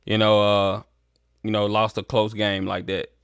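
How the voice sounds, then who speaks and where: Host stream sportowego, mężczyzna z akcentem z południa USA, luźny, gładki głos, suche nagranie. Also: male voice, lowish voice, a little slow, clean tone, dry recording. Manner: relaxed, talks to viewers as y'all. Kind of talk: casual sports chat.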